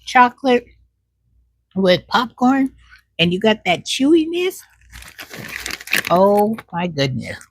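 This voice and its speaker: A woman with a mid-range voice and big pitch swings chats casually and folksily through a snack taste test. She speaks through mouthfuls, savors with drawn-out hums, and says "child" as an aside, with a little hiss or hum in the audio.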